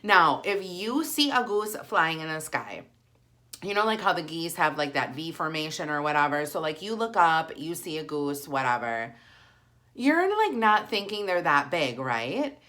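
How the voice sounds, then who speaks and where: A woman, telling a story in a chatty, animated vlog style. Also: deep voice, measured pace. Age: 40s. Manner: animated, chatty, heavy use of "like". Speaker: vlogger. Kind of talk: casual storytelling while eating.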